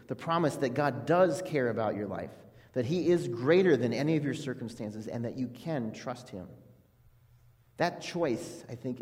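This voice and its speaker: A man's voice: medium pitch, a little mellow. A man preaching an earnest, conversational sermon as a pastor, with frequent restarts. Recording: long hall reverb.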